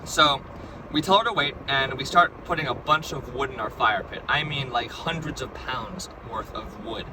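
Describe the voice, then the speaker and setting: A man's voice: mid-range voice, normal speed. A man casually telling a dream, rambling and filling his talk with like and right?. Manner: rambling, full of likes and right?s. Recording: distant mic, loud background noise.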